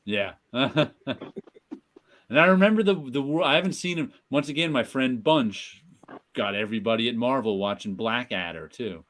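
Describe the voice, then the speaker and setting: A man in casual podcast chat, lively and quick to laugh. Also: medium pitch. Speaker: podcast panelist.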